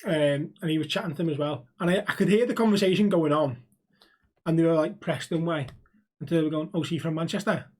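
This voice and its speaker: A man's voice: on the high side, brisk, darkish tone. A man, co-hosting a podcast and telling sweary, laughing anecdotes in casual banter. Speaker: podcast co-host.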